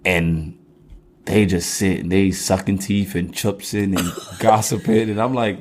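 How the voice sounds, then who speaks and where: A man's voice: low-pitched, fairly even intonation, a little slow, darkish tone. A young adult man co-hosting a podcast in casual chat, slangy and joking, teasing playfully. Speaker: podcast co-host.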